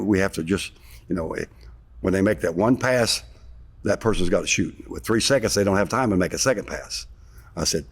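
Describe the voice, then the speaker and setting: A deep-voiced former basketball player, a guest in a sit-down interview, tells an old story. His retelling is rambling, animated and laced with sarcasm.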